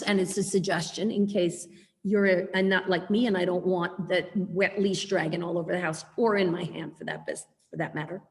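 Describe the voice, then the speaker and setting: A woman giving a chatty, animated webinar lecture as a dog trainer over a video call. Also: medium pitch, big-room sound.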